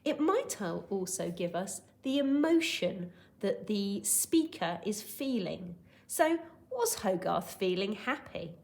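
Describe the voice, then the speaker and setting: A woman's voice: medium pitch, slow pace, gravelly. A woman teaching a recorded lesson for young children, encouraging and patient, who acts out voices to show each word. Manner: expressive, acts out shouting, whispering and gasping to show words. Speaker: primary school teacher.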